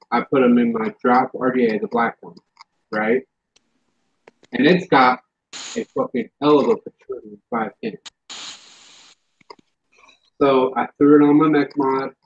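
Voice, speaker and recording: A vaping show host with a medium-pitched, slightly rough voice leads a casual chat about vaping gear. He's blunt and swears freely, and the lo-fi recording sounds dull.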